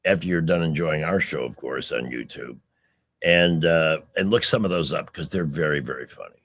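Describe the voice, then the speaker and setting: A man's voice: a bass voice, normal speed, a bit bright, dry recording. A man co-hosting a radio talk show, chatting casually with callers and his co-host and joking along. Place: radio studio.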